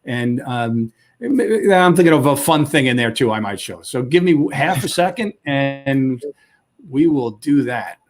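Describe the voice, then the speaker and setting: A man giving an enthusiastic sales pitch on a live webcast, talking in punchy lists over a video call. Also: animated, unhurried. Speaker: company founder pitching to sellers.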